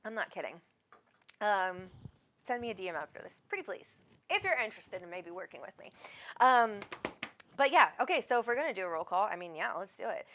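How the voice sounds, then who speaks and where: A woman's voice: mid-range voice, sing-song, a little fast, a bit bright, a little hiss or hum. A middle-aged woman hosts a live psychic show in an affectionate, rambling way. She fills her talk with "um" and "like" and calls her callers "honey." Her voice sits in a middle register. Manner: chatty, affectionate, rambling with many fillers. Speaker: psychic medium host. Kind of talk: live-stream reading with callers.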